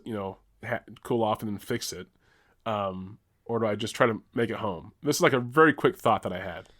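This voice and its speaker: A man's voice: mid-range voice, fairly bright tone. A young man co-hosting a podcast, telling a long story in casual chat, rambling, restarting, swearing and laughing as he goes. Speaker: podcast co-host.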